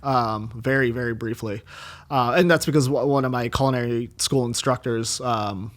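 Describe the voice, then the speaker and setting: A man in his thirties talks loosely as a podcast guest, his speech full of fillers and restarts. He drifts from one thought to the next and breaks into quick laughs. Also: medium pitch. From United States. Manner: rambling, laughs often, many fillers like "like" and "um". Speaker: guest chef. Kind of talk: casual podcast conversation.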